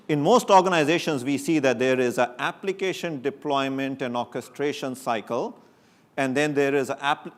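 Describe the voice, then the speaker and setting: A man giving a technical conference talk to an audience, lively and joking, often rising sharply for emphasis. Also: medium pitch. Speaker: conference speaker. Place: conference stage before an audience.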